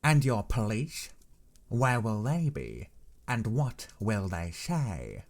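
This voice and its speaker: A man voicing an old, learned professor who speaks in a measured, earnest, persuading way in an audiobook reading. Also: lowish voice, big pitch swings, gravelly, exaggerated voice. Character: old learned male professor, grave and insistent.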